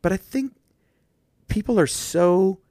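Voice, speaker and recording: A man's voice: high-pitched, lively intonation, slow, warm tone, no room sound, studio quality. A man co-hosting a podcast, telling coaching stories in casual chat with thoughtful restarts. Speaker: podcast co-host.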